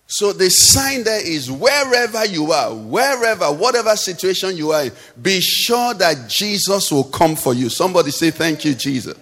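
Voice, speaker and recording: A man's voice: sits high, lively intonation, moderate pace, few pauses, a bit bright. A middle-aged man preaching a sermon, drawing call-and-response from the congregation and telling everyday stories to make his point. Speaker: pastor. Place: church hall. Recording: long hall reverb.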